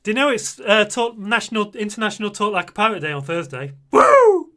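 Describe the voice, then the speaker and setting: A man's voice: high-pitched, lively intonation, fast, sharp tone. A British man in his forties, chatting casually and a bit flustered while live streaming. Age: 40s. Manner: chatty and flustered, laughing often.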